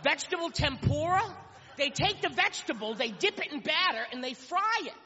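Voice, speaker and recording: Brief: male stand-up comic, very high voice, rambling self-mocking stories, dull live recording in a big reverberant room. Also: lively intonation, fairly quick, pushed and bright. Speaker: stand-up comedian. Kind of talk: stand-up comedy routine. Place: comedy stage before a live audience. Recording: lo-fi live club recording with hall echo and crowd.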